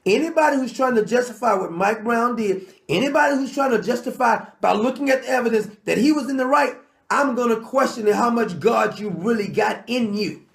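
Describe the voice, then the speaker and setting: A man delivering an angry, sarcastic commentary monologue, combative and at times shouting. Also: very high voice, brisk, vocal fry, echoey room. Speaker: political commentator.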